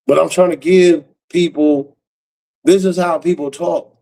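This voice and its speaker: Streamer, male, gravelly and slightly high, harsh profane ranter. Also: steady tone, measured pace, darkish tone, poor audio. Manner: blunt, cursing, harsh. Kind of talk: profane casual rant.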